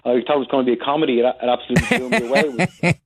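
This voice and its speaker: A man's voice: mid-range voice, very fast, slightly rough. A man calling in to a radio show, rambling eagerly. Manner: rambling and eager, full of "you know". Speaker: caller. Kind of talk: phone call to a radio show. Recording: tinny phone line.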